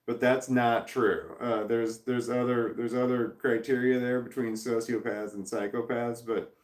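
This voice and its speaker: A middle-aged man with a medium-pitched voice rambles through a casual chat, tripping over restarts and dropping blunt curses. His voice bounces around a roomy, echoey space. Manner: rambling, frequent restarts and fillers, blunt swearing. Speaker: vlogger reading viewer comments.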